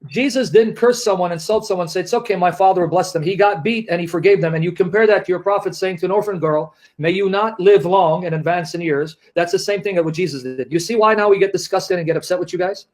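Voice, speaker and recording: A man's voice: sits high, quick pace, hardly any pauses, a little mellow. A man arguing in a heated online debate, combative and mocking, often talking over his opponent.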